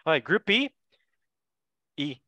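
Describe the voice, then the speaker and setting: A young man hosting a casual football podcast, playful and quick to laugh, with goofy asides. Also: fairly high pitch, very animated, sharp tone, no room sound. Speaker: podcast host.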